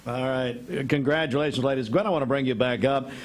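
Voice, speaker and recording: A man's voice: medium pitch, fast. A man hosting a casual radio interview, asking questions and joking with his guests. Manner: jokey, laughing, lively questions. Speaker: radio host.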